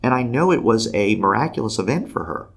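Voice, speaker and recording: Animated storytelling man, lively pitch. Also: brisk, creaky. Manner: acts out quotes with big pitch jumps; laughs between lines. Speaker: guest telling a faith story.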